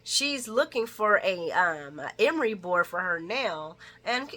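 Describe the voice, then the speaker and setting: Chatty woman host, bright voice, casual recap with frequent laughs and quoted lines. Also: expressive, normal speed. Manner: chatty, laughs often, acts out characters' lines in a higher voice. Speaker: soap opera recap vlogger.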